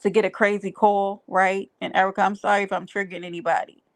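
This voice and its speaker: A woman's voice: medium pitch, level tone, fast talker. A woman hosting a livestream, talking to her chat in an emphatic, preachy way and repeating her phrases. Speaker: livestream host. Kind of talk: casual livestream talk to chat.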